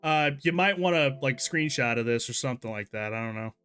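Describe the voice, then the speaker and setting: This is casual live-stream gaming commentary from a young Texan man who reads his chat, laughs often and lets out disbelieving exclamations. He speaks in a mid-range voice that is expressive and brisk, with a fairly bright tone.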